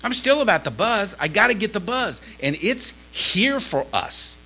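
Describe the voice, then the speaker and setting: Man, recovery talk, storytelling, bright voice, faint hum behind. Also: high-pitched, normal speed, low-quality recording. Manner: emotional storyteller, quoting others in lively voices. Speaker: AA speaker.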